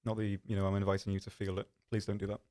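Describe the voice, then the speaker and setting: A man's voice: on the low side, monotone, very fast, darkish tone. A man hosting a live stream, chatting casually in a rambling, self-deprecating way with lots of ums. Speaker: stream host.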